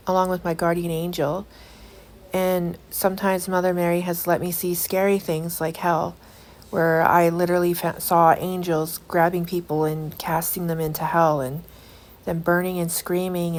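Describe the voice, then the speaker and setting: A woman giving an earnest personal testimony in a vlog, talking in halting phrases with many fillers and restarts. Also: on the low side, a little hiss or hum. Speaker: vlogger.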